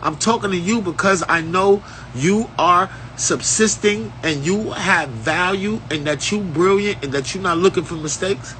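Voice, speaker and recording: A man's voice: high voice, measured pace, hardly any pauses, bright, forceful tone, a little hiss or hum, rough recording. A man at home giving a rambling, profane, streetwise monologue in a freewheeling casual style. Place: at home, indoors.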